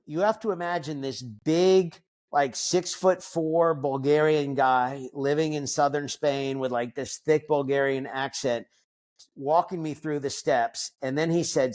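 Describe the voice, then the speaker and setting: A man's voice: on the high side, measured pace, darkish tone. A man in his fifties, a podcast guest, talking reflectively in a casual interview, with frequent fillers and restarts. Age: 50s.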